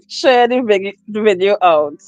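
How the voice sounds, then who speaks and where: A woman with a medium-pitched, slightly mellow voice hosts a casual livestream, where she slowly reads out viewer comments, repeats herself and laughs often. It's a dry, low-quality phone recording.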